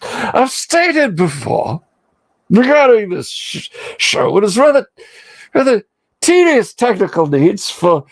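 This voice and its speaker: A pompous old professor with a lively, high voice that swoops all over, as a man puts him on for his livestream. He talks in a pedantic, plummy put-on accent and chooses every word with overblown formality. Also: slow, gravelly, exaggerated voice. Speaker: livestream host.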